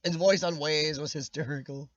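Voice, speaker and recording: Livestream host, a man with a high, nasal, worn voice that cracks at times, joking to chat over a dull, dry webcam. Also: steady tone, normal speed, dry recording. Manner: rambling, jokey, laughs often. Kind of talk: casual chat.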